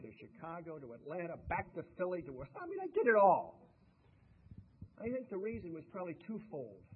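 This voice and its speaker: An older man giving a motivational speech to a live audience, animated and humorous, pushing his punchlines out loud. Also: a little high. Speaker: motivational speaker. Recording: tinny lo-fi recording with faint noise.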